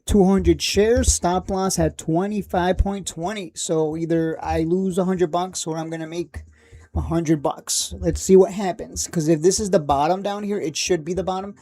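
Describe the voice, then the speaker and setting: A man hosting a stock trading livestream, talking casually and excitably, rambling, cursing now and then, and laughing at his own jokes. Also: high voice, moderate pace. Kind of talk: live market commentary.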